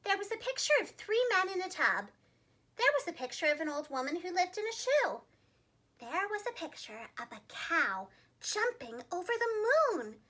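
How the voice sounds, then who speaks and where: A young woman, a preschool teacher, reading a children's storybook aloud with an expressive delivery. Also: very high voice, moderate pace.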